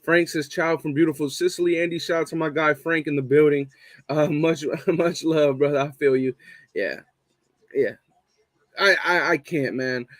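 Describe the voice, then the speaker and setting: On a casual live fan stream, a young host reads the chat aloud, swearing heavily and repeating his points for emphasis. He speaks at normal speed in a voice on the high side, without any room sound.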